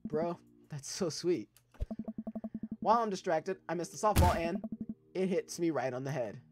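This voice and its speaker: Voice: mid-range voice, lively intonation, normal speed, loud music behind the voice. A young adult let's play gamer reading a dating game's dialogue aloud and riffing on it in a loose, profane, laughing way. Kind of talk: casual let's play commentary, reading game text aloud.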